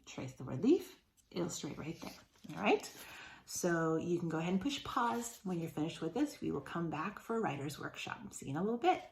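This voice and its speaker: A woman teacher giving a remote phonics lesson to young children, sounding words out slowly and encouraging them. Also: on the low side, vocal fry, reverberant, slight background noise.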